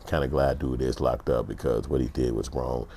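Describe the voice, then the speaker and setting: A man's voice: extremely low pitch, fairly even intonation, moderate pace, dark tone, slight background noise. A middle-aged man giving blunt, profane storytelling commentary in a vlog. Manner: profane, blunt, acts out other people's voices. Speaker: vlogger.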